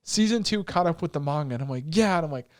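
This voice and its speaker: A man's voice: on the high side, expressive, very fast, no room sound, studio quality. A man co-hosting a podcast, casually retelling an anime plot with acted quotes and swearing. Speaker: podcast co-host. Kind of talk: casual chat.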